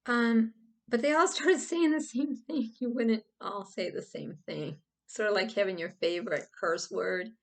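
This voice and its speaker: A woman's voice: fairly high pitch, unhurried. Woman rambling through a casual explainer. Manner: animated, rambling, acts out silly examples. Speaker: video host.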